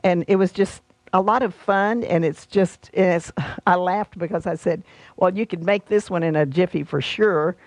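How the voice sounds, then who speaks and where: A middle-aged woman who designs quilts and hosts a shop walks through her quilt patterns and fabrics in a chatty, homey way, full of fillers and friendly asides. Her fairly low voice has a darkish tone, a moderate pace, and no echo.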